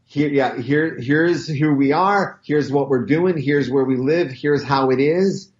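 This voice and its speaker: A man with a Cleveland accent chatting casually as a podcast guest, animated and full of stammered restarts. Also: fairly high pitch, measured pace, muffled recording. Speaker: comic book writer guest.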